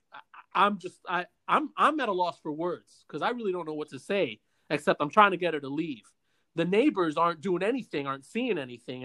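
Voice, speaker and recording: A man hosting a podcast, telling a long story in a casual, animated way with many stammers and restarts. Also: high voice. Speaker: podcast host.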